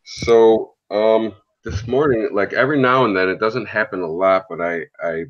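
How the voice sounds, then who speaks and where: A man's voice: fairly low pitch, normal speed. A man asking a question on a video call, curious and hesitant, with many fillers, through dull lo-fi call audio. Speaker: caller. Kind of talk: casual group video chat.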